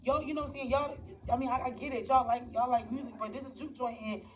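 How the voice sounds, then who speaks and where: A woman's voice: high voice, fairly even intonation, fast. A woman casually recapping a movie at home for her viewers, rambling with many restarts and talking straight to them. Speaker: movie reviewer. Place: home with children nearby. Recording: distant, dull mic with faint background noise.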